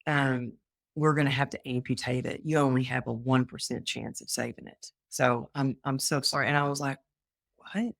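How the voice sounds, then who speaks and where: A Texas woman with a very deep, gravelly voice talks at a moderate pace, recorded clean in a studio with no echo. She's a guest on an interview show, telling her own story with energy and acting out the voices of people she quotes.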